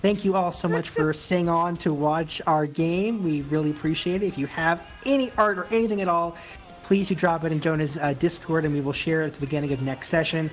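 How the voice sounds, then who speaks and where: A man narrating a tabletop role-playing game as game master, in a slow, reflective way with lingering pauses between phrases. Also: a little high.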